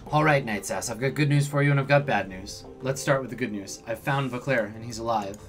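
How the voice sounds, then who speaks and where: A man's voice: medium pitch, fairly quick, faint music behind, lightly acted. A man voicing a seasoned woman information broker in a video game. He reads her report in a matter-of-fact way.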